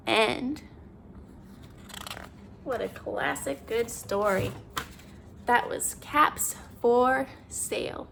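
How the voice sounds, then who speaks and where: A woman reading a children's picture book aloud, pausing to ask the listener questions. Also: a little high, vocal fry, a little hiss or hum. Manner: animated, asks the listener questions. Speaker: children's story reader. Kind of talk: read-aloud storytime.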